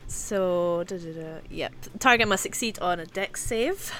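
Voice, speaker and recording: A woman playing a tabletop game, playful and quick to laugh. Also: lowish voice, over loud music. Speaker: player. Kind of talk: casual tabletop play.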